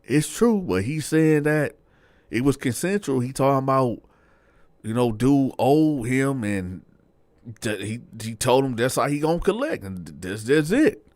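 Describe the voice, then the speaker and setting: A man telling a prison story in casual street slang, breaking into animated, high-pitched dialogue for each character. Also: a little slow, no echo. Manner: animated, acts out dialogue with big pitch jumps; slangy street talk, frequent "right?" asides.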